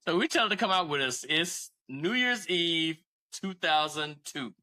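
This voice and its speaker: Bright-voiced man in his 40s telling stories. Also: fairly high pitch, animated, a little slow, poor audio. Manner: laid-back, profane, laughs often. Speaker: podcast co-host. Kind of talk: casual storytelling.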